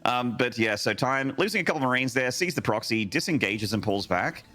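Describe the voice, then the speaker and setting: A man co-casting a live esports match, explaining strategy in a measured way with playful asides. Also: medium pitch, expressive, sharp tone. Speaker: esports co-caster and analyst. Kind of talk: live game analysis commentary.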